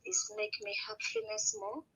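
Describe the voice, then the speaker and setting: A woman's voice: very high voice, big pitch swings, moderate pace, vocal fry, fairly bright tone, whispered, poor audio. A woman calling in to a talk show, sounding worried and anxious. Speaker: caller. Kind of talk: phone-in call.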